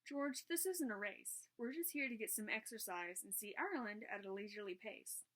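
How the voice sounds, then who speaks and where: A woman doing a calm, sharp girl detective. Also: medium pitch, normal speed, close to an everyday voice. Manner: calm, teasing.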